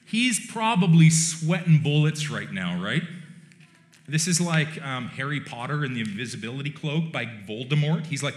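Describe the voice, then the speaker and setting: A male pastor preaching a sermon in a relaxed, conversational way, with wry joking asides. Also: mid-range voice, moderate pace. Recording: roomy church echo.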